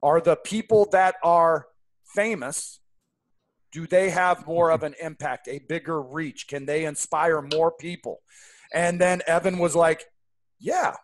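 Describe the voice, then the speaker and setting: A man's voice: on the high side, measured pace, no echo. A man co-hosting a casual podcast, talking enthusiastically and rambling with many restarts. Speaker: podcast co-host.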